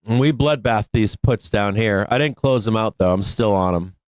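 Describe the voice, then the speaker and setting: A man's voice: fairly low pitch, moderate pace, dry recording. A middle-aged man hosting a live stock market show, chatting casually and candidly, swearing and laughing often. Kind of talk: casual live-stream talk.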